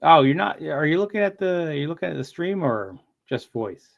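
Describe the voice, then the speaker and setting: A man's voice: fairly high pitch, big pitch swings, fairly quick, creaky, lo-fi sound. A man hosting a casual livestream chat, telling rambling stories and laughing often. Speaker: streamer.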